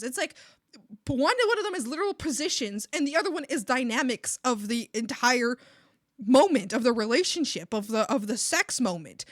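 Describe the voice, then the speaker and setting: A young woman artist chatting casually on a livestream while drawing, rambling and animated, often swearing and laughing. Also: high voice, normal speed, no room sound, studio quality. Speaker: artist streamer.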